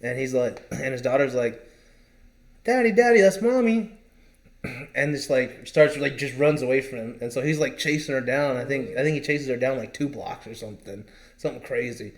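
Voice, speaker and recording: A podcast co-host rambles through a long story in casual chat, filling it with lots of fillers. His voice is medium in pitch with fairly even intonation, and he talks a little fast.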